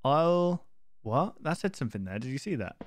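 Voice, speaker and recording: A man's voice: fairly high pitch, big pitch swings, normal speed, a little hiss or hum. A man live-streaming a game, rambling and easily sidetracked, swearing often. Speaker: gaming streamer. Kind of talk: live-stream gameplay commentary.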